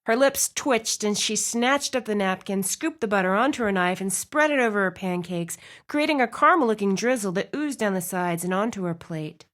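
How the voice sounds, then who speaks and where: A woman reading a romance audiobook aloud, with expressive narration. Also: mid-range voice, moderate pace, hardly any pauses. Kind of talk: scripted narration.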